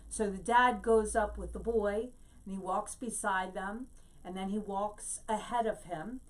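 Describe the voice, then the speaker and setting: A woman giving a Bible teaching, explaining Hebrew words slowly and telling a story to make her point. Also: mid-range voice, steady tone, far from the mic.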